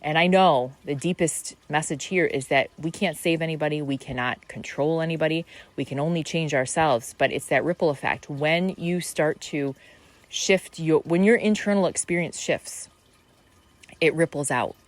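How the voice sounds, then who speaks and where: A woman's voice: low voice, normal speed. A middle-aged woman hosting a podcast, musing in a meandering spiritual monologue full of fillers and restarts. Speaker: podcast host.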